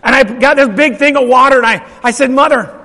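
A man's voice: very high-pitched, fast, bright, forceful tone. A middle-aged male pastor telling a story in a sermon, emphatic and repeating his phrases while asking the congregation questions. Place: church sanctuary. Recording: long reverb of a large hall.

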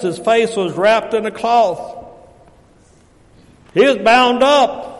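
A man preaching a sermon, folksy and shifting from hushed asides to loud calls. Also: high voice, big-room sound.

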